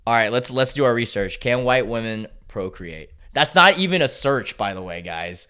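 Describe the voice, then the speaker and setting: A man's voice: medium pitch, animated, moderate pace, hardly any pauses, pushed and bright, smooth. A man hosts a casual reaction video, reading online posts aloud and mocking them. He talks sarcastically, breaks into laughter often and swears freely. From United States.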